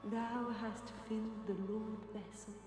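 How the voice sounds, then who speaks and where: A woman's voice: medium pitch, fairly even intonation, measured pace, close to an everyday voice. A woman voicing a regal goddess princess in video game dialogue, speaking formally and pleading in old-fashioned words. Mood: solemn pleading. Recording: echoey hall, long reverb, game music.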